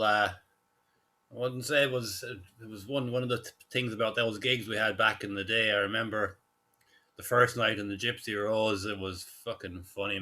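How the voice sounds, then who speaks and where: Low, bright-voiced man hosting a chat. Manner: laid-back, swears often. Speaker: podcast host. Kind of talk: casual podcast chat.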